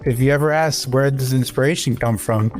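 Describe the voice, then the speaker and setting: A man's voice: medium pitch, fairly quick, faint music behind. A man on a podcast, telling a story loosely with many fillers and restarts. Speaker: podcast guest. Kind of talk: casual podcast chat.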